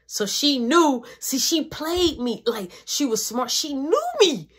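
A woman's voice: high voice, lively intonation, takes it slowly. A woman telling a personal story in casual, slangy, profane speech.

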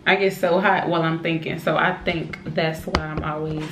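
A young woman and mother chatting excitedly to her camera at home, calling her viewers y'all. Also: low voice, moderate pace. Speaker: vlogger, mother of an infant. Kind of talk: casual vlog chat to camera. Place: at home, indoors. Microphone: camera set up nearby, moved during talk. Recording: roomy home room with faint background noise.

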